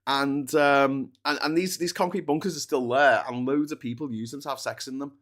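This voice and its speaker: A man's voice: medium pitch, steady tone, normal speed, fairly bright tone. A man hosting a solo livestream, chatting in a digressive, jokey way, full of restarts and trailing asides. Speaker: livestream host. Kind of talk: rambling solo livestream chat.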